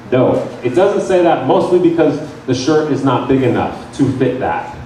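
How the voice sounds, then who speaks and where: Young guy giving an animated jokey talk in a bar, super echoey room, mic far off. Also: medium pitch, moderate pace, slight background noise. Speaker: campaign volunteer trainer. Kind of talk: casual training talk to a crowd. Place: bar lounge.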